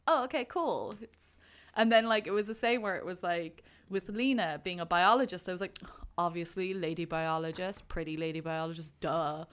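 A woman co-hosts a podcast in a lowish, fairly bright voice. She chats casually about a movie, acting out her own thoughts and using lots of fillers.

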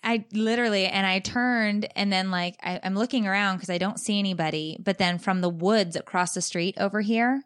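A mother co-hosting a podcast, telling stories in a chatty, animated way and acting out the quotes. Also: medium pitch, fairly quick, few pauses, clean tone. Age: adult mother. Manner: animated, comic storytelling with acted-out quotes. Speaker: podcast co-host. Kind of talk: casual chat.

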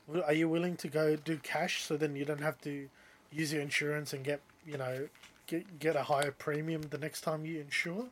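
A young man tells a story in a relaxed, chatty way. His voice sits a little high, and he grows loud and lively when he acts out what other people said. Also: fairly quick, slight background noise. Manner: animated, rising loud when quoting others. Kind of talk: casual storytelling.

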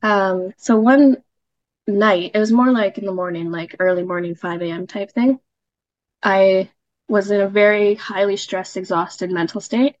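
A woman's voice: mid-range voice, steady tone, measured pace, no echo. Woman guest, chatty storyteller, muffled dry remote-call sound. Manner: chatty, with frequent fillers and laughs. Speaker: podcast guest sharing a story. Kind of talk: casual storytelling.

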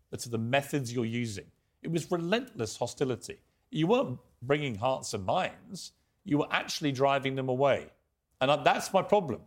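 A man with an English accent hosting a current-affairs show, pressing a guest with pointed questions. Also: mid-range voice. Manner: pressing, interrupting. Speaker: host. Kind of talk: combative interview.

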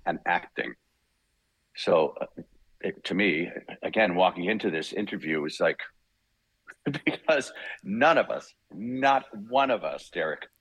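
An older man spins a long anecdote with lots of laughter and little acted-out voices. His voice is husky and fairly low, recorded close and dry. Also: dry recording, rough recording. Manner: lively, laughing, acts out quotes. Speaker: guest voice actor. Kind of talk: casual anecdotal storytelling.

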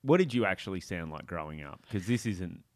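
A man with an Australian accent hosting a podcast, talking in a relaxed way with many fillers. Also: low voice, no room sound, clean studio sound. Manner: relaxed, drawn-out, hesitant with fillers. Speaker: podcast host. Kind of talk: casual podcast chat.

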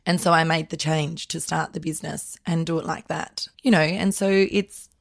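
A woman guest talking about her styling work in a relaxed, playful casual chat. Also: deep voice, normal speed, vocal fry, no echo, clean studio sound.

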